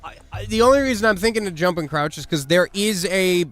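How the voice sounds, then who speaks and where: A man streaming a game live, chatting and commenting in an excitable, jokey way. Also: sits high, fairly quick, soft background music. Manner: excitable, jokey, laughs often.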